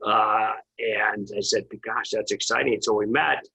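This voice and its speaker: A man's voice: lowish voice, fairly even intonation, a little slow, gravelly, pushed and bright, poor audio. A man, a former assistant hockey coach, telling a rambling, chuckling recruiting story as an interview guest. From Minnesota. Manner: rambling, frequent restarts and chuckles.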